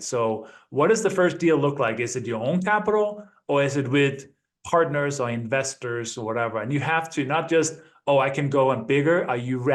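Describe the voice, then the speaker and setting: Male guest in his 50s, mid-range pitch, measured, checks in with the listener often. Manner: measured, peppers speech with "right?" and "you know". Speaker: interview guest. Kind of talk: interview conversation.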